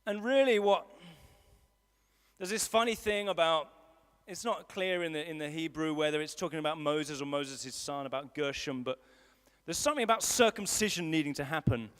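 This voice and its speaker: A man's voice: a little high, normal speed, fairly bright tone, clean tone. A man preaching a sermon in a conversational way, driving points home by repeating them, at a live service in a large hall. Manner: conversational, emphatic repetition.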